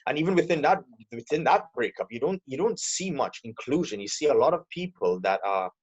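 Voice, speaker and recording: A man's voice: mid-range voice, lively intonation, a little fast, slightly rough, dull audio. A man speaking as an interview guest in a casual, hesitant way, often repeating words as he gathers his thoughts. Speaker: guest, air force electrical technician.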